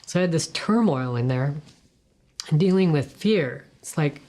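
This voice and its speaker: A woman giving a personal faith testimony in a soft, earnest way, sometimes dropping to a hushed whisper. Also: low voice, lively intonation, moderate pace. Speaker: guest sharing a testimony.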